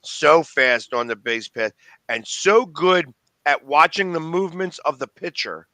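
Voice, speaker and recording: A man's voice: a little high, animated, a little slow, sharp tone, no room sound. A man co-hosting a sports talk show, speaking emphatically and with indignation in a casual chat.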